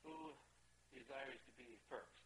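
A man's voice: mid-range voice, unhurried, noisy background. A man chairing a question session at a conference, polite and a little hesitant. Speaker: session moderator.

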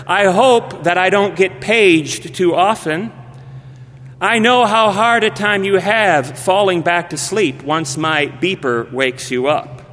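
A tired, matter-of-fact wife, as a preacher quotes her speaks briskly and plainly in a slightly raised voice. The words ring out in the long echo of a large hall. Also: sits high, a bit bright, slight background noise.

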